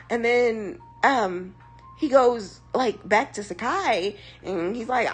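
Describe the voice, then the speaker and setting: A young woman streamer chatting casually, with sassy, slangy, rambling commentary in a breathy, husky voice. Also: medium pitch, slow pace, faint music behind. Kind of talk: casual chat.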